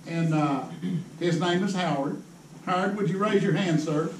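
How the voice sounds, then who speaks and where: At an indoor tackle show seminar, a fishing pro with a high-pitched voice tells folksy, rambling stories to a crowd at a moderate pace, laughing often. The hall is echoey, the mic distant, and crowd noise is audible.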